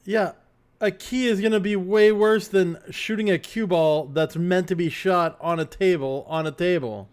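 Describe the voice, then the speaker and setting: Speaking at normal speed in a smooth, high-pitched, steady voice, a playful man hosts a casual chat. He has a morning voice and occasionally slips into goofy singing or puts on an announcer's delivery.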